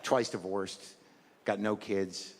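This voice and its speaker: A man's voice: fairly low pitch, steady tone, slow. A middle-aged man doing a stand-up routine, talking conversationally and self-deprecatingly, often trailing off. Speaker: stand-up comedian. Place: comedy club stage. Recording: live crowd in a reverberant hall.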